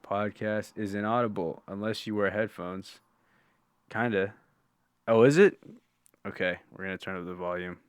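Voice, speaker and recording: A man with a lowish voice hosts a live-streamed podcast in a loose, rambling chat. He swears freely and laughs often. The sound is dry and close. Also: normal speed, pauses often, smooth, no room sound. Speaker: podcast host.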